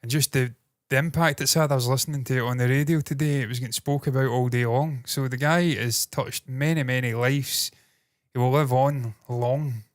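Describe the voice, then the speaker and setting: A man's voice: mid-range voice, fairly even intonation, normal speed, no room sound, studio quality. A man in his thirties co-hosting a casual podcast, rambling, laughing and swearing freely. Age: 30s. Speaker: co-host. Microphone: loose desk mic.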